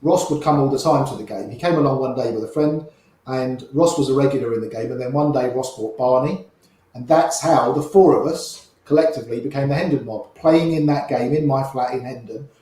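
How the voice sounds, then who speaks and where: An older man, an interview guest, telling lively anecdotes and acting out the voices of the people in them. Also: mid-range voice, fairly quick, very echoey, poor audio. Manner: lively raconteur, acts out quoted voices. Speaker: interview guest, poker player. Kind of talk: anecdotal storytelling.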